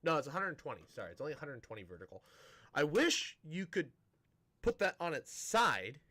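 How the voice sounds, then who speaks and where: A man's voice: a little high, sing-song, fairly quick, bright, forceful tone. A man streaming a building game, chatting casually to viewers in a rambling, self-interrupting way with a dry, sarcastic-sounding tone.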